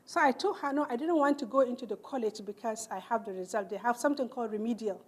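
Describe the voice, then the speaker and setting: A middle-aged Nigerian woman delivers a keynote in a large hall, her voice a little high and her pace fast. She tells her life story earnestly and animatedly, acting out the people in it and quoting their dialogue.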